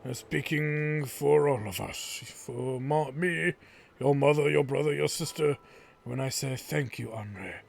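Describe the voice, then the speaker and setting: A man voicing a calm, gentle immortal wanderer who speaks softly and kindly. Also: mid-range voice, a little slow, creaky. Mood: tender. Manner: quiet, soft and kind.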